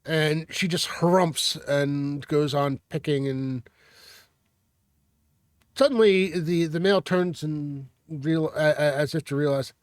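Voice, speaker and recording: A man narrating a tabletop game as game master, halting, with many fillers. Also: a little high, no room sound, clean studio sound.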